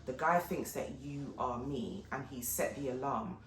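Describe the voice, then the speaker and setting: A woman vlogger telling a story in a casual, animated way, often turning to her viewers. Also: extremely low pitch, a little slow. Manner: animated, chatty retelling with frequent asides to viewers. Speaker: fashion and lifestyle vlogger. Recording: echoey room with faint background noise.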